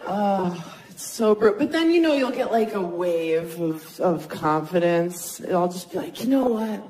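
A woman in her thirties doing a self-mocking stand-up comedy set on a club stage, talking casually and jumping into high squeaky voices for the people she quotes. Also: a little slow, darkish tone, rough recording. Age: 30s. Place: comedy club stage before a laughing audience. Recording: live club recording with crowd noise.

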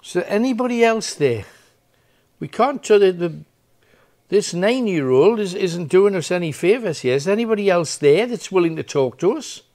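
High-pitched yet a little mellow, this man's voice has lively intonation and a normal speed. He's a paranormal investigator hosting a ghost hunt, relentlessly questioning the spirits of an old building at night, coaxing and then demanding answers.

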